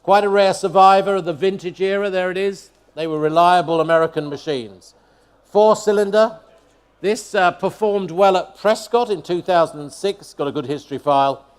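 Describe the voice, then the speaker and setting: A man working as an auctioneer, calling bids live in a brisk, rhythmic chant, repeating each figure as he asks for the next. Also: sits high, clean tone. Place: auction hall at a motor museum.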